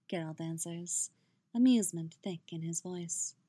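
A woman narrating a story in a soft, gentle voice. She reads slowly and evenly, with a dry sound close to the mic. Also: on the low side, dry recording. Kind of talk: reading fan fiction aloud.

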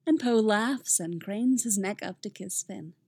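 A woman reading fan fiction aloud in a gentle, intimate storytelling manner. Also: medium pitch, a little slow, slightly rough, dry recording. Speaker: audiobook reader.

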